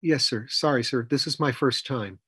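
A man's voice: medium pitch, normal speed, pushed and bright, slightly rough, no room sound, studio quality. A man doing an earnest young woman recruit.

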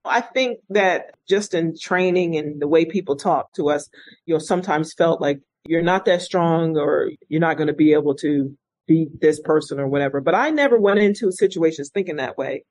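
A woman's voice: low voice, normal speed, dry recording, rough recording. Earnest woman telling her story, dry sound. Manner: earnest, reflective, animated when quoting others. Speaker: interview guest, retired state police officer. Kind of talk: conversational storytelling.

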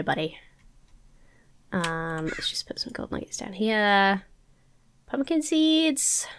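A woman's voice: medium pitch, slight background noise. A woman with a stuffy, nasal voice, chatting to herself as she plays a building and farming game. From England. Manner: chatty, talks to herself while sorting items. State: nasal from a cold. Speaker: Minecraft let's player. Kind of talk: casual gameplay commentary.

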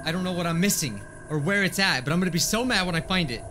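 A man playing a horror game and commenting as he goes, thinking aloud and getting loudly frustrated. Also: quick pace, soft background music. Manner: excitable, thinks aloud, swings between mutters and high yelps of frustration. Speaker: gaming YouTuber. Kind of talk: let's play commentary.

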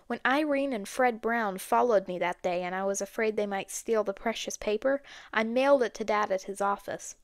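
A woman's voice: medium pitch, dry recording, clean studio sound, close to an everyday voice. A woman voicing a determined young girl detective in an audiobook, speaking earnestly.

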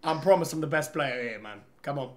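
A man's voice: fairly high pitch, brisk, voice pushed down, natural voice. A man putting on a cocky British gamer lad. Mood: chummy. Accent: put-on British, claims Manchester. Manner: chummy, drops "mate", "lad" and "blokes". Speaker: streamer going undercover in a game lobby.

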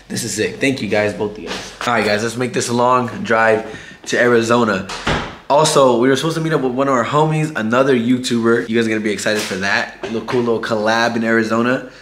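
A man with a hoarse, failing voice, talking to viewers in a laid-back, slangy car vlog, saying bro and guys a lot. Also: mid-range voice, a bit bright, roomy sound, a little hiss or hum. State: hoarse, losing his voice. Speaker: car vlogger. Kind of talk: casual vlog chat.

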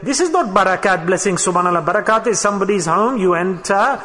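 An older man delivers a sermon in a high-pitched voice, circling back to his words and asking his listeners questions. His voice carries a long reverb, as if in a large hall. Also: expressive, fast, sharp tone. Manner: preaching with repetition and rhetorical questions. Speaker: sheikh.

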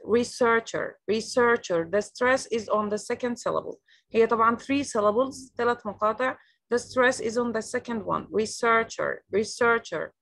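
A little high and fast, this woman's fairly bright voice has some vocal fry. Teaching English online by video call in an Egyptian accent, she says each new word several times over and gives its meaning in Arabic.

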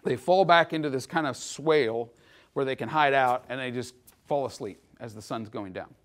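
A man's voice: medium pitch, normal speed, a bit bright. A man giving an informal history lecture to a live audience, explaining events in a chatty way and often checking in with his listeners. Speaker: history presenter.

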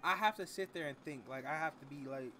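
A young man streaming a roleplay game, chatting loudly in rambling, slang-heavy talk full of "like"s. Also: fairly high pitch, quick pace. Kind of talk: casual chat while streaming a roleplay game.

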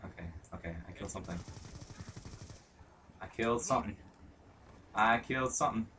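A young man giving live commentary over a shooter match, muttering play-by-play, swearing constantly and breaking into angry shouts. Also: on the low side, fairly quick, a little hiss or hum. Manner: mutters play-by-play under his breath. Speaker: gaming commentator.

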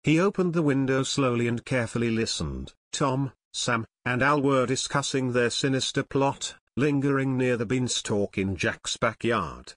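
A man narrating a children's fantasy chapter book in steady scripted narration, as author and reader. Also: mid-range voice, normal speed, few pauses, dry recording, studio quality.

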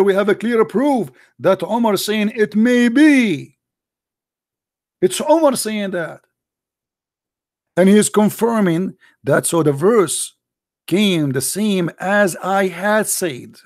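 Combative high-voiced man arguing on a livestream. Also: darkish tone, dry recording, studio quality. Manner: combative, interrupting, repeats phrases insistently. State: losing his voice. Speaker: livestream debate host. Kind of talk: heated live call-in debate.

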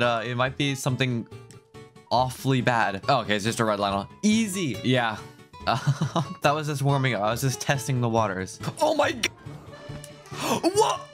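A man giving excited, jumpy commentary over his own gameplay, laughing often and talking back to the game. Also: on the high side. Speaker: gaming video host.

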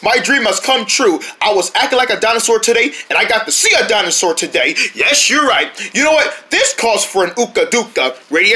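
These are eager young deer friends in a homemade cartoon, all voiced by one performer. The voices swing wildly up and down in pitch and stay bright and sharp. The performer hops between several playful characters.

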